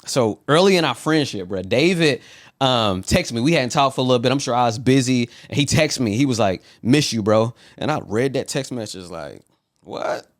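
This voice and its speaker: A man in his thirties, a pastor telling stories in a relaxed, casual way and laughing often. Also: mid-range voice, a little fast, no room sound, studio quality. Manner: laid-back storyteller who laughs often. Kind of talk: casual conversation.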